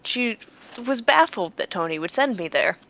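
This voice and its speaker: A woman's voice: mid-range voice, animated, normal speed, a bit bright. A woman telling a story in casual chat. She is blunt and swears freely, and she acts out what other people said. The audio sounds dull and lo-fi. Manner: blunt, profane, quotes people. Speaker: player.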